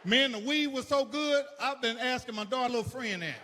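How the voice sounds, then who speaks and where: On a large theater stage before a live audience, a middle-aged man performs a crude, rowdy stand-up routine, telling profanity-laden stories. His very high voice is brisk, pushed, and bright, and the reverberant hall carries audience noise.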